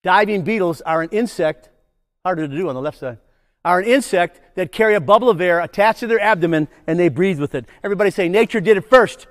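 A man's voice: sits high, lively intonation, fast, big-room sound. An older man, a nature educator, leading a playful children's program full of call-and-response chants.

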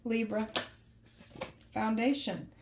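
A woman's voice: fairly high pitch, steady tone, slow, a little mellow, slight background noise. A woman doing a casual tarot reading for viewers, talking in an emphatic, conversational way and often repeating her phrases. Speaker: tarot reader.

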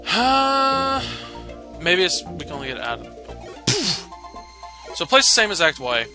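A man's voice: fairly high pitch, very animated, brisk, music in the background. A young man casually commentating his gameplay, rambling and swearing offhand. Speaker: let's play host.

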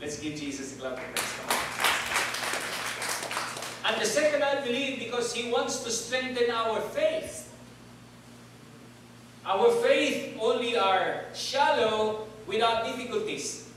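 Very high-pitched and lively in intonation, this man preaches slowly and pauses often, urging the congregation to call back and repeat words. The church hall recording is echoey, taken from far off, with background noise.

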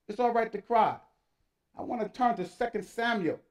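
A man's voice: extremely high pitch, normal speed. Older male pastor, fervent sermon delivery, emphatic exhortations to the congregation.

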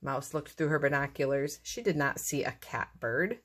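A woman reading a children's storybook aloud in a lively, expressive way. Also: deep voice, normal speed. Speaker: narrator.

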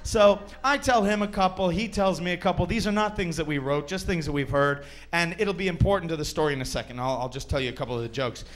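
High-voiced male stand-up comic. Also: quick pace, few pauses. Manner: animated, acts out characters in shrill voices. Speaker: stand-up comedian. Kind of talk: stand-up storytelling.

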